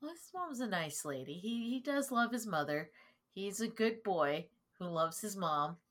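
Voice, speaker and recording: A woman's voice: mid-range voice, animated, measured pace, fairly bright tone. A woman playing in a tabletop game, describing her character in a casual, joking way with plenty of swearing. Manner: profane, joking, laid-back. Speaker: player.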